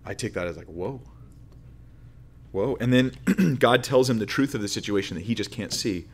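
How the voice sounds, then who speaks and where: A man's voice: lowish voice, fairly quick. A man preaching a sermon, reading scripture aloud and explaining it in an earnest, conversational way. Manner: conversational, earnest, with restarts and asides.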